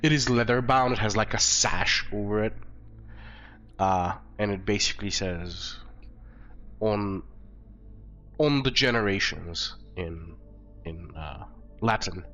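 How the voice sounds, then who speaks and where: A hoarse man narrating a tabletop game as game master, loose and full of fillers. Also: lowish voice, takes it slowly, pauses often, a bit bright. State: hoarse from flu. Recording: dull lo-fi recording, faint music.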